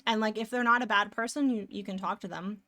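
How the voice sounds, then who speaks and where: Chatting in a loose, wandering way with her audience, this young female streamer pauses to eat as she talks into a nearby desk microphone. She speaks quickly in a sharp, mid-pitched voice, and the recording has no room sound.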